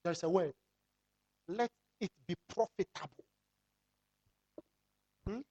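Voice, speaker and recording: A pastor preaching a sermon, firing rhetorical questions at the congregation and drawing out key phrases slowly for emphasis. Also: medium pitch, dark tone, breathy edge, dull audio.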